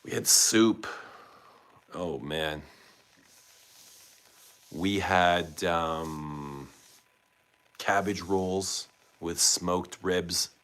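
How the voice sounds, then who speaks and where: Low-voiced male streamer, relaxed and chatty, quizzing his viewers. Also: extremely slow, pauses often. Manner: chatty, asks viewers questions. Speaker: livestream host. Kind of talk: casual livestream chat reading comments.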